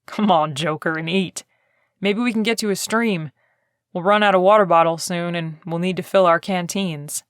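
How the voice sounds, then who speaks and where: A woman voicing a young, gentle Southern man working as a protective bodyguard in an audiobook, speaking easily in a slightly lowered voice. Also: fairly even intonation, moderate pace, clear, resonant tone, no room sound, studio quality, close to an everyday voice. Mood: caring. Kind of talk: audiobook character voice.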